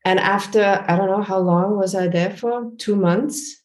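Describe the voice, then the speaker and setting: A woman, hosting a casual podcast conversation and telling stories in a chatty, animated way. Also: medium pitch, unhurried. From Austria. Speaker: host, linguist. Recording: roomy echo.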